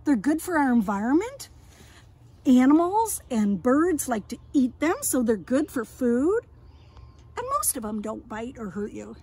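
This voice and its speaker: A woman leading an outdoor lesson for young children, talking gently in a sing-song way, as if to friends. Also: high voice, big pitch swings, measured pace, husky. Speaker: early years educator. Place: outdoors in a yard and woods.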